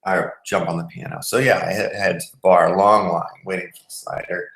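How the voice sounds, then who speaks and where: Male podcast host with a low voice, rambling through a casual story in a roomy, echoey room. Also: steady tone, fairly quick, creaky, fairly bright tone. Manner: rambling, restarts mid-sentence.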